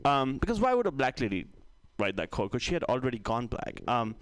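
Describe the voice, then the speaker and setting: A man's voice: mid-range voice, very animated, a little fast, clean tone. A man from India doing a rambling, self-mocking stand-up set, full of "like". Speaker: stand-up comedian.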